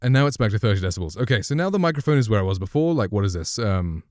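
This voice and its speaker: Here the streamer's voice is lowish and darkish in tone, with a sing-song, rapid-fire delivery and no room sound. He chats and rambles through a casual review and demo of the studio condenser mic he's close to at home, often catching and correcting himself.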